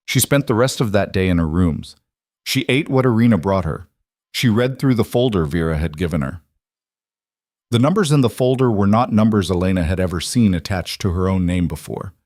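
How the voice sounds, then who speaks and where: Low-voiced male audiobook narrator. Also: animated, fairly quick, a little mellow, dry recording, studio quality.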